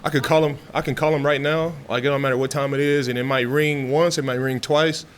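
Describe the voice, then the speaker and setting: A man's voice: medium pitch, a little fast. A man, answering press questions after practice. He talks loosely and chattily, piling on fillers and restarting his sentences, in an ordinary mid-range voice. A faint hum sits behind him. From Texas. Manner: relaxed, talkative, frequent fillers and restarts. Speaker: football player at press conference. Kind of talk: casual press interview. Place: media room after practice.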